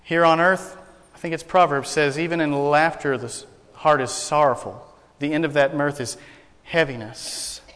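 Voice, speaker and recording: A man's voice: a little high, steady tone, normal speed, fairly bright tone, clear, resonant tone, long reverb tail. A man preaching a sermon to a congregation, folksy and joking, telling jokes as he goes. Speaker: pastor. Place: church sanctuary.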